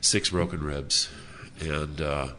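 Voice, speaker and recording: Low, bright-voiced man telling his story. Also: fairly even intonation, a little hiss or hum. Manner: halting, frequent uh fillers, earnest. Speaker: speaker sharing his story at a recovery convention. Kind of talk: personal storytelling talk. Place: hotel convention room.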